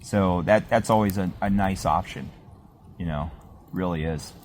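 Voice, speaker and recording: A man's voice: low-pitched, measured pace, a little mellow, a little hiss or hum. A man hosting a podcast, telling a rambling campfire story with lots of fillers and chuckles, outdoors at a winter camp. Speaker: podcast host. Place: outdoors at a winter campsite by a fire.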